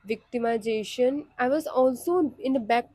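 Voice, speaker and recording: A woman's voice: fairly high pitch, normal speed, mellow, no room sound. A woman, talking candidly and reflectively in a casual vlog, with frequent fillers. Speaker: vlogger.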